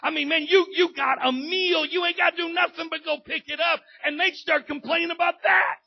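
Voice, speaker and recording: A man preaching a sermon with a gravelly, husky voice, swinging from low talk up to loud shouting. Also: steady tone, fairly quick, dull audio. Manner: builds from low talk to loud shouting, acts out family members. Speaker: pastor.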